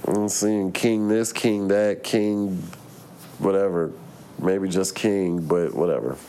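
A man's voice: low voice, fairly even intonation, takes it slowly, mellow, a little hiss or hum. A man in a casual vlog, ranting with plenty of swearing and rambling asides while laughing at himself. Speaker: vlogger. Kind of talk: casual profane rant.

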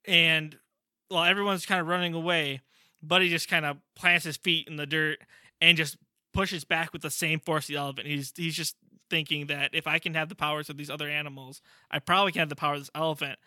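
Bright, lively-voiced man chatting casually. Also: a little high, no room sound, clean studio sound. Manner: animated, acts out characters in quick bursts. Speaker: podcast co-host. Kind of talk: casual chat recapping a comic.

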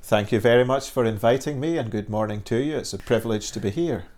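A man in his forties from Scotland, with a Scottish accent tinged with Northern Irish, explaining the work of a Christian charity as a guest in steady, formal answers. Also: mid-range voice, quick pace. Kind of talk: measured interview answers.

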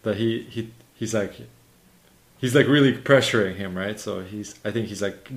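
A man with a fairly low voice talks casually about films. He speaks haltingly and repeats words as he retells scenes. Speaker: conversation partner.

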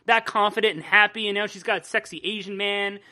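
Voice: medium pitch, steady tone, fairly quick, pushed and bright. A podcast host in casual chat, rambling loosely and swearing freely.

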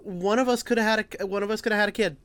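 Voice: mid-range voice, fairly even intonation, very fast, fairly bright tone, no echo. A podcast host talking in a laid-back, teasing way during casual comedic chat.

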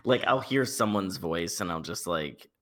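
A man with a low-ish but bright voice rambles through a casual podcast chat. He is self-deprecating and swears freely, with loose, casual phrasing. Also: lively intonation, a little slow. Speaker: cast member.

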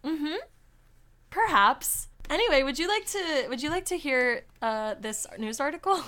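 A woman hosting a casual podcast, chatting quickly with plenty of "like" fillers and reading articles aloud. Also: high-pitched, animated, sharp tone. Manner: chatty, fast, full of "like" fillers and laughs. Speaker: podcast host.

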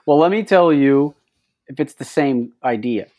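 A man's voice: medium pitch, lively intonation, a little slow, warm tone. Man rambling through a comedy bit. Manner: rambling storyteller, retells a sketch with asides. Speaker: podcast co-host. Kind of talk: casual chat.

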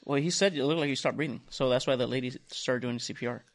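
On a casual podcast, a young man spins a long, rambling story, swearing freely, wandering onto tangents and acting out everyone's quoted lines. He talks fast at an average male pitch into a studio mic.

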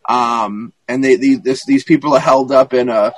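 A man in casual podcast chat, retelling a film plot in a rambling, profane and animated way, with many restarts. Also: medium pitch, normal speed, dry recording, low-quality recording.

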